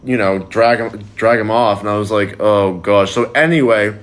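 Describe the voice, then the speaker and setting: A man's voice: lowish voice, steady tone, normal speed, fairly bright tone. A young man casually telling a personal anecdote for a social video, rambling and packing his sentences with "like". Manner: rambling, heavy use of "like" fillers.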